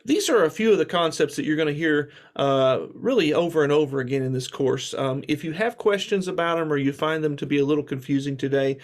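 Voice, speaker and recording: A man's voice: on the high side, fairly quick, hardly any pauses. A man giving a casual music lecture, reassuring and full of fillers, with guitar playing between his talk. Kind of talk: relaxed spoken lecture with instrument demos.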